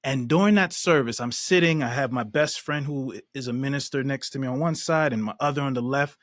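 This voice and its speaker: A man's voice: mid-range voice, brisk, no echo, clean studio sound. Earnest man telling a personal story. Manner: earnest, emphatic retelling with acted-out quotes. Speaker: podcast guest.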